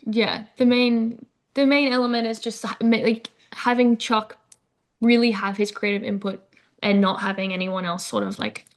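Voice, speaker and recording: A woman's voice: on the high side, steady tone, normal speed. A young adult woman, an actress guest chatting eagerly and agreeably in an interview. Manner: enthusiastic, agreeable. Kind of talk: casual interview chat.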